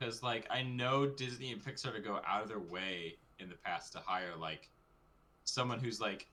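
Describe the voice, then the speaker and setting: A man's voice: lowish voice, normal speed, pushed and bright. A young man co-hosting a podcast in casual chat, chiming in with brief remarks and chuckles. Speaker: podcast co-host.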